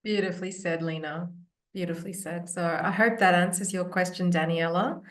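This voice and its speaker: A woman's voice: lowish voice, steady tone, brisk. A woman hosting a webinar over a video call, thanking the speakers and hesitating with many fillers. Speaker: webinar host. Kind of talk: moderating a webinar.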